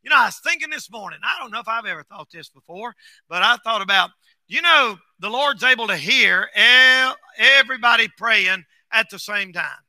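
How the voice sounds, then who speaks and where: A pastor delivers a folksy sermon in a strikingly high, piercingly bright voice, swinging between quiet asides and shouted bursts. His intonation is lively and his pace moderate. The recording is close and completely dry.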